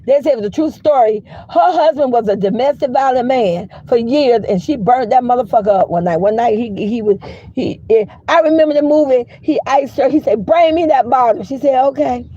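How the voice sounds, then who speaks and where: A woman hosting a casual commentary chat, telling stories in a blunt, profane, animated way. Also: fairly high pitch, a little fast, husky, dry recording, dull audio. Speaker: commentary livestream host.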